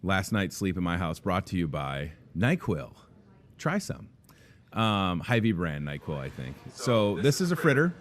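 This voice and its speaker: A man's voice: low voice, very animated, moderate pace, hardly any pauses. A man in his thirties hosting a casual show from a grocery store café, jokey and rambling. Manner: jokey, rambling, self-deprecating. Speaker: host. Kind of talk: casual chat.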